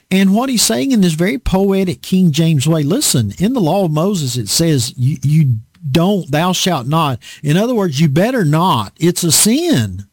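Folksy Southern preacher, lively pitch. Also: male voice, slightly rough, no echo. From American South. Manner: folksy, storytelling, rambling with fillers. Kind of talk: sermon.

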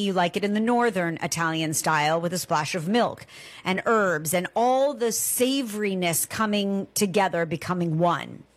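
A middle-aged woman from Southern California hosting a cooking show, talking in a chatty, enthusiastic way with emphatic repetitions. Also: on the low side. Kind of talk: conversational solo podcast monologue.

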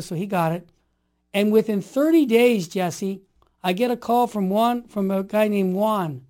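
A man in his sixties with a fairly high pitch for a man and a mellow, dark tone. He tells his stories as an interview guest, emphatic and animated, and pushes hard on his key points. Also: a little slow. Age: 60s. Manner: emphatic, animated, rising to forceful declarations. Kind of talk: impassioned conversational storytelling.

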